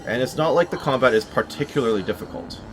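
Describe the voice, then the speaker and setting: A man's voice: medium pitch, animated, fast talker. A man giving let's play commentary on a horror game, wry and talking back to the enemies as he plays. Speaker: gameplay commentator. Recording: game music playing behind. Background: game music.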